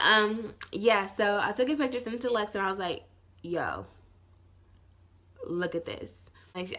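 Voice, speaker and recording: Bright-voiced young woman telling a story. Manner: rambling, heavy use of "like", swearing; acts out quoted people in lower, softer voices. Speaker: vlogger. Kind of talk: casual storytime.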